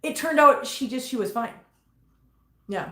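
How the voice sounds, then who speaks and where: A woman hosting a casual livestream from home, chatting with viewers and cooing at her cats in a high sing-song voice. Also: animated, a little slow, fairly bright tone, reverberant. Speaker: host. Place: home room full of cats. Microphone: laptop mic.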